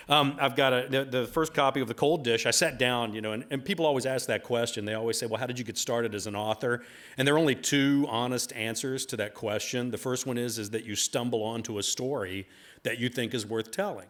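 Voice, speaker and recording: A man's voice: lowish voice, fairly bright tone. A middle-aged man telling a folksy, rambling story at a bookstore talk, with plenty of fillers along the way. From United States. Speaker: author giving a talk.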